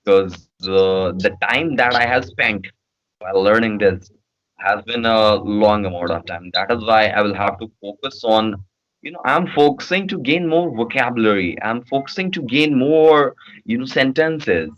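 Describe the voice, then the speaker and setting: A man's voice: lowish voice, moderate pace, a bit bright, dull audio. A man from Bihar with an Indian accent, answering interview questions in a hesitant way with many fillers. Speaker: guest.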